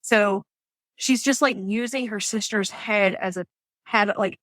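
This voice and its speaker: A woman in her thirties telling her birth story as a podcast guest, lively and quick to act out what people said. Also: mid-range voice, dry recording. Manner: animated storytelling, acts out quotes.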